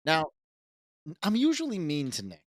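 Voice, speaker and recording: Lively teasing guy on a podcast, bouncy higher voice, dry close sound. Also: moderate pace, no echo. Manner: teasing, laughing, animated. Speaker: co-host. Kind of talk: casual chat.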